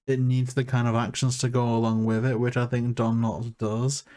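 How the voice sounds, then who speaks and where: A man's voice: mid-range voice, a little mellow. Man chatting casually on a podcast. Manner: chatty, self-deprecating humour. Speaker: podcast co-host. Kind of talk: casual review chat.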